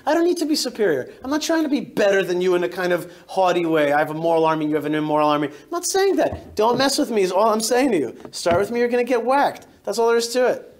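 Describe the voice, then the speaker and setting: Addressing a synagogue audience in its hall, a rabbi tells stories with lively emphasis in a fairly high voice. He often breaks off mid-sentence and starts again, speaking to the room as in a live talk.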